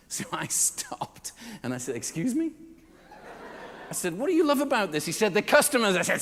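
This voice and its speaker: Man telling funny stories to an audience, lively swooping delivery, long hall reverb. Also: fairly quick, a little hiss or hum. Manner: animated, acts out customers and staff with big pitch jumps. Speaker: keynote speaker. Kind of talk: comedic storytelling talk to a live audience.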